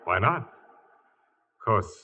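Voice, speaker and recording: An actor playing a curt, commanding wealthy widower in a 1940s radio drama, on a dull old radio recording with faint hiss. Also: male voice, fairly low pitch, sing-song, very slow, sharp tone, heavily acted. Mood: teasing. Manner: curt, commanding, dry teasing.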